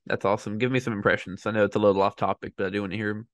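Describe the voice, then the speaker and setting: A man's voice: on the low side, fairly even intonation, very fast, no room sound. A young man hosting a podcast, chatting casually and enthusiastically on a podcast mic. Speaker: podcast host. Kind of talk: casual chat.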